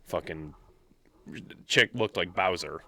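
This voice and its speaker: A man's voice: low-pitched, takes it slowly, pushed and bright. A man co-hosting a podcast, telling stories in casual chat with lots of swearing and heated outbursts. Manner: profane, heated storytelling. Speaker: podcast co-host.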